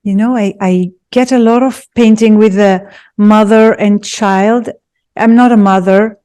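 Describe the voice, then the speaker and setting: Mellow-voiced woman guest. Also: medium pitch, fairly even intonation, a little slow, smooth. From Israel. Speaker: guest artist. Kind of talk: interview answers.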